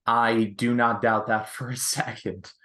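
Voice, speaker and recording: A man's voice: medium pitch, little pitch movement, measured pace, pushed and bright. A man co-hosting a casual film discussion, making wry, joking asides. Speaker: film review co-host. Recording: echoey room.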